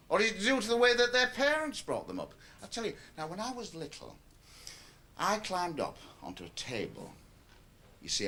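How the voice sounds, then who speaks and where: A man's voice: high-pitched, sharp tone, heavily acted. An actor playing a cynical, middle-aged male stand-up comedian who talks in a chatty, lecturing way in a radio play. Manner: chatty, lecturing, shifts into a club comedy routine. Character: aging male stand-up comic, cynical and wheedling.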